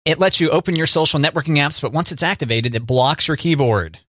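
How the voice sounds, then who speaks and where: A man's voice: fairly high pitch, quick pace, a bit bright. A man co-hosting a casual chat show, easygoing and jokey, who laughs often. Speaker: co-host.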